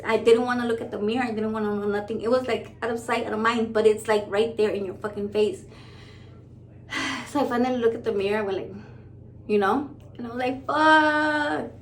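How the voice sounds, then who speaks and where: A woman in her thirties telling a story to camera in a profane, blunt, excitable way. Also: fairly high pitch, slight background noise. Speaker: vlogger.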